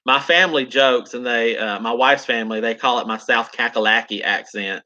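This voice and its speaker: A man's voice: medium pitch, normal speed, pushed and bright, highs cut off. A man with a South Carolina Southern accent, chatting casually with viewers on a live stream and answering their comments in an upbeat, drawling way. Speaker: gardening channel host.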